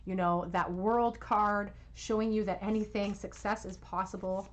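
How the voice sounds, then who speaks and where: Gentle woman giving a tarot reading. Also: medium pitch, steady tone, normal speed. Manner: gentle, soothing, reassuring talk with soft laughs. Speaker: tarot reader. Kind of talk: pick-a-card tarot reading.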